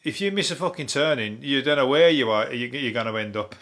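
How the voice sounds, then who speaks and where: A man's voice: medium pitch, expressive, a little fast, a bit bright. Sweary rambling Birmingham comedian man. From Birmingham, England. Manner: sweary, laughing, digressive. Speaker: comedian host. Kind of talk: rambling comic news monologue.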